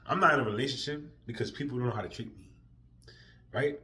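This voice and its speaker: A man ranting emotionally in a profane vlog, drifting from quiet, weary talk to loud, heated outbursts. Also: medium pitch, normal speed. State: emotional, near tears. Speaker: vlogger.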